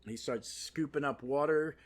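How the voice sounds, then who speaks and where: A man's voice: on the high side, unhurried. A man hosting a podcast, giving a casual, rambling comic book review full of asides and fillers. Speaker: podcast host.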